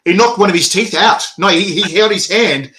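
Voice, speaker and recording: A man interviewing a guest in casual chat, telling animated stories and laughing often. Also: high voice, brisk.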